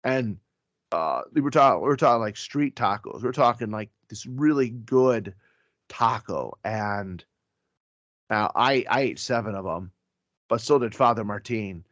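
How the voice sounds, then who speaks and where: A man's voice: lowish voice, animated, measured pace, a bit bright, dry recording. A man, a priest, chatting casually on a podcast and telling stories with asides and self-corrections. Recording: dry, slightly dull podcast audio.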